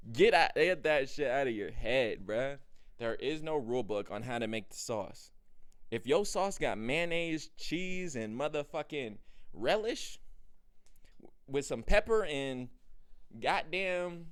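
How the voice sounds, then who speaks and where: A young man giving a comedic, profane rant to camera as a vlogger, swinging from low mumbles to loud bursts in street slang. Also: a little slow. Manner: animated, swings between mumbles and loud outbursts. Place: indoor room.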